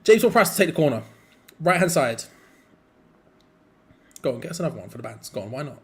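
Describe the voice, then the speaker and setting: Excitable young man commentating. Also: a little high, fast, slight background noise. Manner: excitable, rambling, chatty play-by-play with sudden outbursts. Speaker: fan channel co-host. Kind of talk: live football watch-along commentary.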